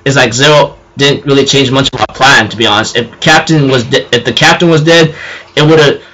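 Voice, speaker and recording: A man quoting a calm, blunt male knight in a flat, matter-of-fact way. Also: medium pitch, fairly quick, slight background noise, lightly acted, poor audio.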